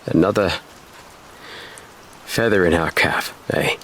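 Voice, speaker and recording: A man voicing an earnest teenage boy detective, speaking gravely in close to his own low voice. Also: takes it slowly, fairly bright tone, heavily acted. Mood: cheerful.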